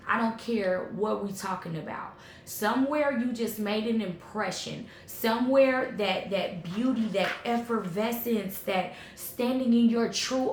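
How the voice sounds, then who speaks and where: Woman tarot reader, higher voice, emphatic and casual, echoey room, faint noise. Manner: animated, emphatic, slangy and conversational with repeated "okay?". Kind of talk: channeled tarot reading to viewers.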